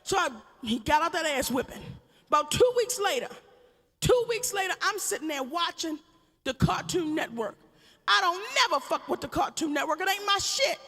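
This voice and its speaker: High, bright-voiced woman doing stand-up. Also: moderate pace. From Baltimore, USA. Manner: profane, animated, bursts of shouting. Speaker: stand-up comedian. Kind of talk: stand-up comedy storytelling. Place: large theater stage. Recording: live stage with long hall reverb.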